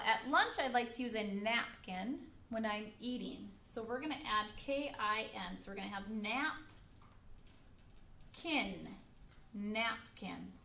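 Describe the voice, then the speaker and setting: A woman teacher with a slightly high voice takes her time over a recorded lesson for second graders. She says each word several times, patient and clear. The room rings with echo, and a faint hum sits behind her. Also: fairly bright tone. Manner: slow, patient, repeats words clearly for counting. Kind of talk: recorded phonics lesson for young children. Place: classroom with a screen. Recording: echoey room with faint background noise.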